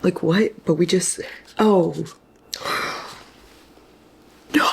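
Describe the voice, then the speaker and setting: Low, gravelly-voiced woman vlogging. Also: very slow, pauses often, slight background noise. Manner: rambling, swears often, slips into whispers. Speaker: book vlogger. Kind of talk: casual reading vlog.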